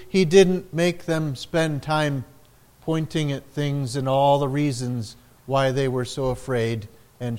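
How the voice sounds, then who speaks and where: A male pastor delivering a sermon at a deliberate, unhurried pace. His voice sits a little higher than most men's, and he lifts it for the dramatic quoted lines. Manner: slow, measured preaching with dramatic quoted lines.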